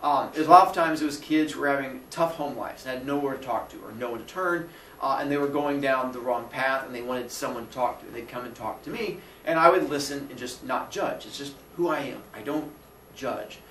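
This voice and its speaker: A man with a bright, forceful voice tells a personal story in an animated way, jumping up in pitch as he acts out each line of dialogue. The sound is roomy, picked up from a mic set some distance away, with faint noise in the background. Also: brisk. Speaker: teacher. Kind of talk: casual storytelling podcast.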